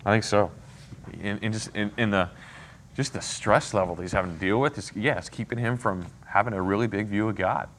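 A man's voice: on the low side, fairly quick, fairly bright tone, slight background noise. A man leading a casual Bible study, teaching conversationally and often checking in with "right?" and "okay?".

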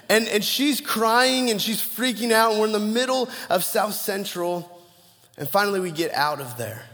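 A man's voice: high-pitched, moderate pace. Pastor man telling a story in a hall. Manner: storytelling with humor and animated quoted voices. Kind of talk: sermon.

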